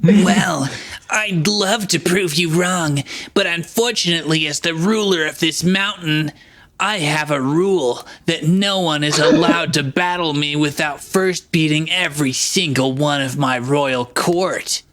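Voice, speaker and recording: A smug young trainer who crowns himself ruler of a mountain drawls out every line slowly, dripping with contempt, as a man reads him aloud. It is a comedic fanfiction read-aloud, played straight. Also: a little high, a bit bright. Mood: lofty.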